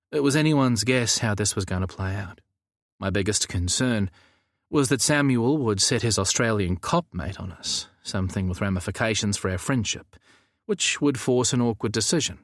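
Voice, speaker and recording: A man narrating a novel in the first person, with an expressive, wry delivery. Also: lowish voice, dry recording, studio quality. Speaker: audiobook narrator.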